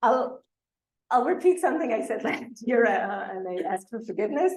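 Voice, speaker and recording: Woman, Torah teacher, conversational lecture, slightly high voice, echoey room. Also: expressive, normal speed, darkish tone. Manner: conversational, with fillers and frequent asides. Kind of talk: lecture to a class.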